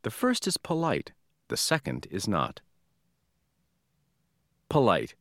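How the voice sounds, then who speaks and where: Low-voiced male teacher explaining clearly. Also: wildly swooping pitch, normal speed, fairly bright tone, no echo, clean studio sound. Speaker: language teacher. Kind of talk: scripted explanation.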